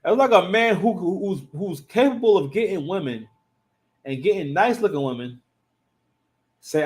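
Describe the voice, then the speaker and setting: A man's voice: high voice, animated, normal speed, pauses often. A man hosting a casual reaction commentary, rambling and often restarting his sentences. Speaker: commentary channel host.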